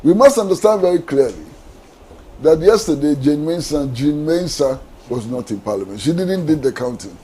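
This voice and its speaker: A man's voice: on the high side, animated, moderate pace, dark tone, slight background noise, low-quality recording. A man, a panelist giving impassioned political commentary on a talk show, asking repeated rhetorical questions. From Ghana.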